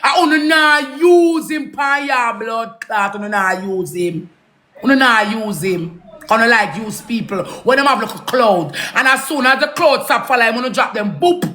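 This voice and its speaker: A woman's voice: fairly high pitch, lively intonation, normal speed, bright, forceful tone. A woman with a Jamaican accent, ranting angrily, swearing and repeating herself in a heated live rant. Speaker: social media personality.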